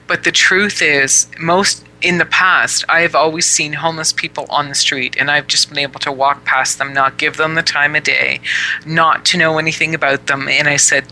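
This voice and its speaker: Bright-voiced woman telling a personal story. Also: low voice, steady tone, normal speed, low-quality recording. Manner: narrates by reenacting her own conversations; earnest and reflective. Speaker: talk show host.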